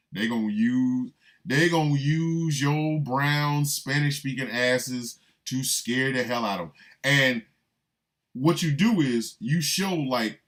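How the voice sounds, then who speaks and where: A man's voice: medium pitch, fairly bright tone. A man delivering a comic monologue, riffing with repeated lines and mock-incredulous asides. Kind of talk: comedic monologue.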